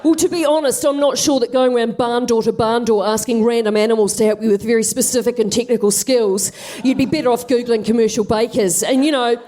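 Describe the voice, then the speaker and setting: A woman's voice: on the high side, steady tone, brisk, hardly any pauses, warm tone, close to an everyday voice. A woman playing a patronising know-it-all rooster. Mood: lecturing. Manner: lecturing, patronising.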